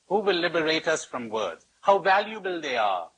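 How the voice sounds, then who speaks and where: A man giving a spiritual workshop talk in a husky, fairly high voice. He tells anecdotes with humor and drives points home through repetition. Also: very animated, moderate pace, few pauses, fairly bright tone, low-quality recording. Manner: storytelling with rhetorical repetition and humor. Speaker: spiritual teacher.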